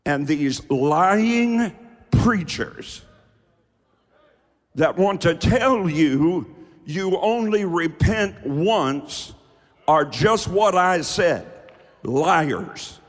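A man preaching a fiery sermon from the pulpit, dropping to low asides and rising to shouted refrains. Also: lively intonation, drawn-out words, pauses often. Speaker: pastor. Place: church sanctuary with reverb. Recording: hall reverb from a large church.

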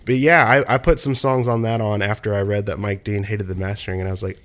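A man's voice: fairly low pitch, fairly even intonation, fast, hardly any pauses, a bit bright. A young man in casual conversation, talking at length about music production, with lots of fillers and restarts. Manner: rambling, many fillers and restarts.

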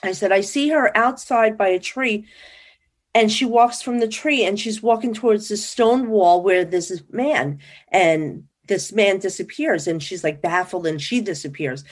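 Chatty woman guest, jumps into voices when she quotes people, lively storyteller. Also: mid-range voice, unhurried. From New Jersey. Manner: animated, acts out quoted dialogue. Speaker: guest psychic. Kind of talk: casual interview storytelling.

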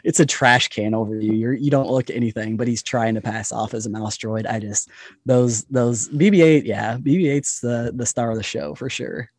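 A man's voice: medium pitch, normal speed, breathy edge, no echo. A man guesting on a podcast, chatting enthusiastically with frequent laughs. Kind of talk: casual podcast chat.

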